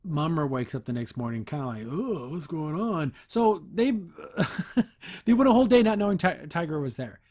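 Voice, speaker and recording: A male podcast host talks through a cartoon episode in a loose, casual recap. He keeps breaking off into mocking, disbelieving asides about what happens. His voice sits a little on the high side. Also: very animated, moderate pace, a little mellow. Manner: mocking, incredulous asides with chuckles.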